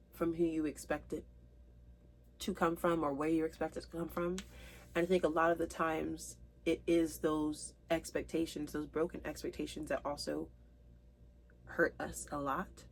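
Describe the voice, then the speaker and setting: A woman with a somewhat low voice gives a spiritual tarot reading straight to her viewers. She speaks earnestly and with open emotion, slowing down to read each card's meaning aloud. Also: fairly even intonation, slight background noise. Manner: reads card meanings aloud slowly. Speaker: tarot reader.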